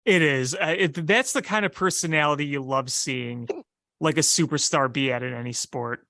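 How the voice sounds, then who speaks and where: A man's voice: a little high, moderate pace, vocal fry, bright, forceful tone, dry recording, studio quality. A man co-hosting a sports podcast in casual chat, emphatic and opinionated.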